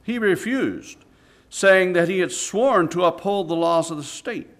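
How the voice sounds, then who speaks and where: Man, preacher, sermon storytelling, fairly high voice, dramatic, hushed to loud. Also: expressive, unhurried.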